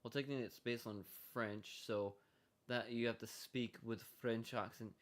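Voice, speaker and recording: A man's voice: medium pitch, steady tone, normal speed. A tired man streaming a game, chatting in a rambling, jokey way. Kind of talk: casual gameplay commentary.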